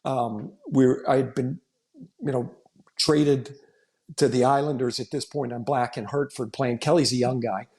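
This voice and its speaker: A man's voice: medium pitch, fairly even intonation, unhurried, darkish tone. A middle-aged man, a former hockey player, telling rambling anecdotes on a podcast in a casual way. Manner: rambling anecdotes with restarts, laughing. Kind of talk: casual storytelling.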